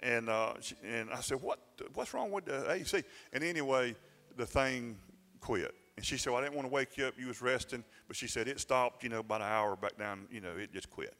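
Folksy preacher in a reverberant church. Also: male voice, mid-range voice, fairly quick. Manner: folksy, self-mocking, animated retelling with dialect grammar. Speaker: pastor. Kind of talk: storytelling sermon. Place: church sanctuary. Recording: church sanctuary with long reverb and faint music.

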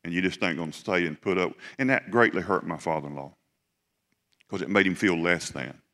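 A middle-aged man preaching, telling a personal story in a folksy, halting way with many restarts. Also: sits low, sharp tone. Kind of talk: sermon storytelling.

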